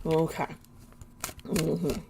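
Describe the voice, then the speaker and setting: Slow-talking woman reading tarot live. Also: low voice, level tone, gravelly, background noise. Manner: chatty, unhurried, laughs often, blunt warnings. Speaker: tarot reader.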